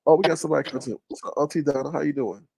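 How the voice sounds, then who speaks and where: A man casually hosting a livestream, reading chat aloud in a joking, animated way and laughing often. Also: racing, gravelly, breathy edge, no echo. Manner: animated, joking, laughs often, jumps to high-pitched exclamations.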